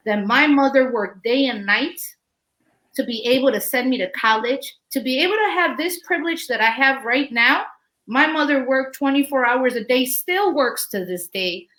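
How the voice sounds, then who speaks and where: A woman in her forties speaks on a video call with a bright, forceful, fairly high voice. She tells her story in an earnest, passionate way, as a guest on a town hall panel. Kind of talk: casual panel talk.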